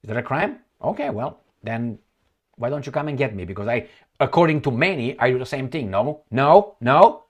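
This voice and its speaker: A man reacting to news articles on camera, indignant and emphatic, swinging between loud outbursts and low mutters. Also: animated, moderate pace. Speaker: political commentator.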